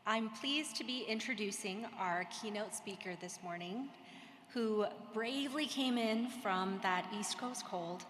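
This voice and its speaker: A woman's voice: medium pitch, a little slow, fairly bright tone. A woman communications director giving a friendly, upbeat prepared introduction from a stage. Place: event hall stage. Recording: reverberant hall with faint room noise.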